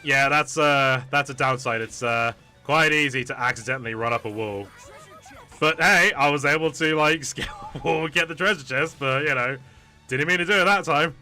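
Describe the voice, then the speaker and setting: A man's voice: fairly high pitch, normal speed, bright, forceful tone, soft background music. A man streaming a video game, chatting casually with many fillers, restarts and laughs.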